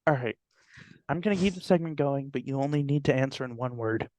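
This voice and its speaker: A man's voice: mid-range voice, a little fast, darkish tone. A man hosting a podcast in casual chat, teasing his co-host and laughing often.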